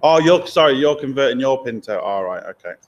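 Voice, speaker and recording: A man with a medium-pitched, lively voice hosts a casual live stream from his garage workshop, and the recording sounds muffled. He chats loosely with fillers and quick asides, reads viewer comments, and a helper holds the laptop or camera mic.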